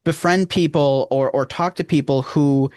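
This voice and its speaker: Rochester-accented male co-host, earnest rambler, higher voice, dry close mic. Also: steady tone, normal speed, darkish tone, dry recording. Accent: Rochester, New York. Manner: rambling, earnest, emphatic swings in pitch. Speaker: podcast co-host. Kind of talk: casual chat.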